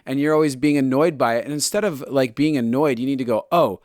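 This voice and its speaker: A man's voice: mid-range voice, fast talker, a little mellow, no room sound, studio quality. A man co-hosting a podcast, speaking thoughtfully in casual chat and often searching for his words. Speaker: podcast co-host.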